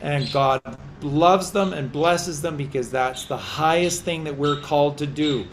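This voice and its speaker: A man's voice: on the high side, measured pace, a little hiss or hum. A man hosting a podcast, giving impassioned religious commentary in a preachy, repetitive way as he exhorts his listeners. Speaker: podcast host.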